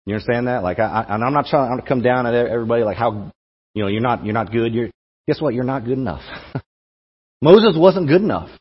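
His voice is medium-pitched and expressive with a breathy edge, and he talks fairly quickly. A young campus ministry speaker, he gives a conversational sermon to a campus group, repeating words while thinking aloud, in an echoey hall with dull lo-fi sound.

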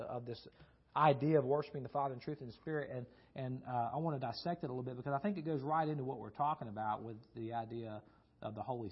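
A man with a somewhat husky voice preaches in a loose, conversational way, stumbling over restarts and doubling back on his words. He often turns to his listeners with questions. The recording sounds dull and lo-fi. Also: mid-range voice. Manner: rambling, frequent restarts and repeated words; asks the audience questions. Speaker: preacher teaching a Bible class. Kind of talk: conversational sermon with storytelling.

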